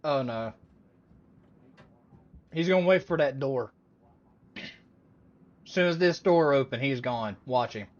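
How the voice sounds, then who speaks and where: A woman hosting a reaction video, giving animated, incredulous commentary. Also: very deep voice, takes it slowly, long pauses, muffled recording. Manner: animated, incredulous, breaks into laughter.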